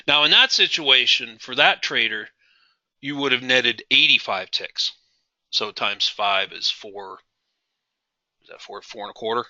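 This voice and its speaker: A man's voice: mid-range voice, measured pace, bright, forceful tone, no echo, lo-fi sound. A man teaching a live trading class, emphatic, repeating key phrases and asking his audience questions. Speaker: trading instructor.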